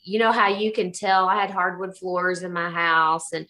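A middle-aged woman telling a ghost story casually in an animated way, acting out the voices she quotes. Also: fairly low pitch, moderate pace. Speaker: guest telling a haunting story.

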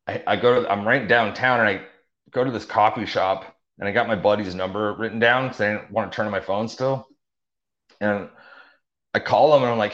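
A man's voice: lowish voice, brisk, a bit bright. A young man telling his story in a casual, rambling way, full of fillers and restarts. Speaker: interview guest. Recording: dull lo-fi audio.

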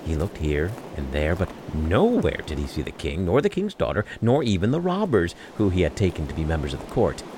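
A man narrating a fairy tale in an expressive storytelling style, with wry asides. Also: sits low, a little fast, few pauses, a little hiss or hum.

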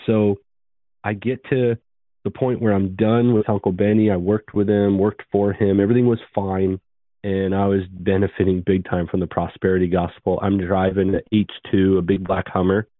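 A man in his thirties recounts his past in an earnest, brisk storytelling manner. His voice sits very low. The sound is dry and narrow, like it came down a phone line. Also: flat delivery, no echo. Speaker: podcast guest. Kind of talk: storytelling interview.

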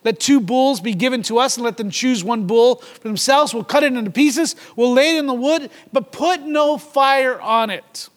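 A man's voice: very high-pitched, moderate pace, few pauses, big-room sound. A man preaching a sermon, reading scripture aloud dramatically and acting out mocking voices. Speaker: pastor.

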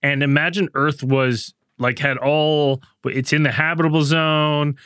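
Casting: higher-pitched male co-host, animated, casual swearing, dry sound. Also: unhurried, clean tone, no echo. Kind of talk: casual podcast chat.

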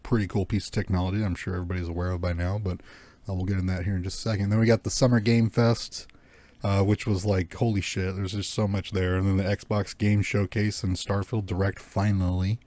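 A man's voice: low voice, flat delivery, brisk, darkish tone. A young man hosting a casual podcast, rambling loosely with lots of fillers and swearing. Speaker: podcast host. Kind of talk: casual chat.

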